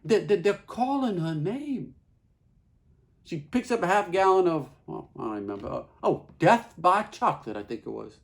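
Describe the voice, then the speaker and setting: A man performing a theatrical monologue as a plain-spoken husband, folksy and halting, with many repeats. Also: sits high, big pitch swings, creaky. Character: Carl, plain-spoken middle-aged husband.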